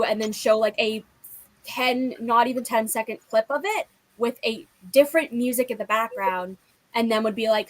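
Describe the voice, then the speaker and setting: Chatty young woman, slightly high voice. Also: fairly even intonation, normal speed, no echo, rough recording. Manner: rambling, heavy use of filler like. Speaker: booktube host. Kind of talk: casual chat.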